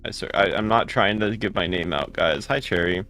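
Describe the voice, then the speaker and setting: A man live streaming a game, rattling off quick greetings and answering chat comments in casual talk. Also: sits low, sharp tone, soft background music. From United States.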